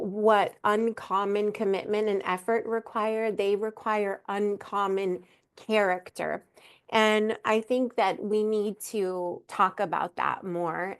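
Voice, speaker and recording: A woman speaking into a computer mic on a video call, hosting a live webinar. Her pitch sits in an ordinary middle range, and she talks in a warm, effusive way. She slows down to stress her points. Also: clean tone. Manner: warm, effusive, addresses listeners as mama. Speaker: fertility coach hosting a webinar.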